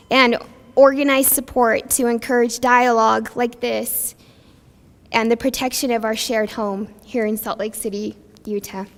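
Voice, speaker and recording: A young woman speaking at a press conference as a community advocate, emotional and halting, pausing with nervous laughs and fillers. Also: fairly high pitch. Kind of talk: emotional public speech. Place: press conference in a large hall. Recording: long hall reverb.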